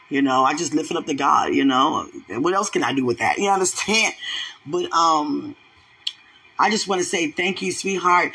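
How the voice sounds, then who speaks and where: A woman who leads a ministry, praying aloud and talking about her faith with fervent, exclamatory praise, swinging between loud outbursts and low murmurs. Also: breathy edge. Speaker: ministry leader. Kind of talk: spontaneous prayer and spiritual talk.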